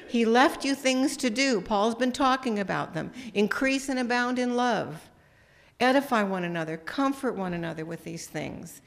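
A woman's voice: a little high, lively intonation, moderate pace, gravelly. A middle-aged woman giving a sermon, telling a personal story in a conversational way and acting out the dialogue. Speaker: speaker.

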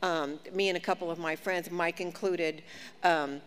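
A woman preaching a sermon, telling a personal story with lively, self-mocking humor. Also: fairly low pitch, moderate pace, smooth. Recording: long hall reverb, faint background noise.

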